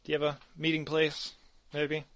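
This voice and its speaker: A man's voice: a little high, moderate pace. Man running a tabletop game. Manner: relaxed, rambling with many ums. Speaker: game master.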